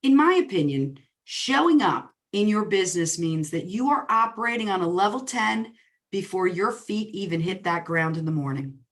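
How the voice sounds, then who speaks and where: A woman with a New Jersey accent, a real estate coach presenting a webinar in a fast, excited, upbeat way. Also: medium pitch. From New Jersey, US Northeast.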